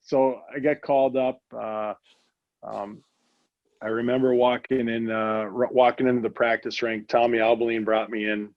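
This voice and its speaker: A man's voice: mid-range voice, flat delivery, normal speed, no echo. A middle-aged man from the United States spins casual stories with a mid-range voice, circling back and restarting his sentences. The sound is a little dull and lo-fi, like a modest podcast recording. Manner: rambling, many restarts and fillers. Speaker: guest, hockey executive. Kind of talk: casual storytelling interview.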